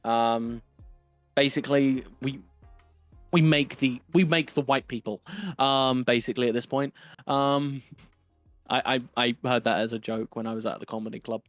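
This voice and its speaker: Speaking at a moderate pace with fairly even intonation, this young Englishman with a London East End accent co-hosts a podcast, chatting casually in a rambling, profane way full of ums and restarts. His voice sits mid-range, recorded dry on a close mic over soft background music.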